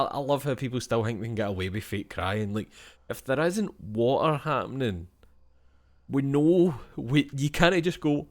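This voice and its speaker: A man's voice: mid-range voice, expressive, normal speed. A young Scottish man playing a video game and thinking aloud in casual, swear-filled commentary. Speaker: gaming streamer.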